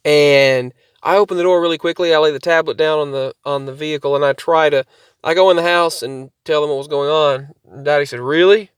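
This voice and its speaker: A man's voice: fairly high pitch, fairly even intonation, brisk, clear, resonant tone, no room sound. Man, casual rambling story, lots of restarts, dry close recording. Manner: rambling, repeats and restarts himself. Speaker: vlogger.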